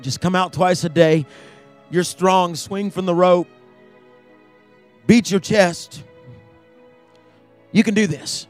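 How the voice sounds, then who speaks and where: A man's voice: high-pitched, fairly even intonation, slow pace, long pauses, soft background music. A man doing a coaxing zookeeper. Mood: persuasive. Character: matter-of-fact male zookeeper hiring help.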